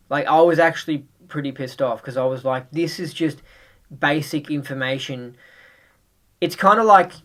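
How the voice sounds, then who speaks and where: A man's voice: medium pitch, fairly bright tone. A man hosting a podcast, giving a casual, earnest review and pressing his listeners again and again to watch something, with many restarts. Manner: earnest and insistent, restarts a lot. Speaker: podcast host reviewing a DVD.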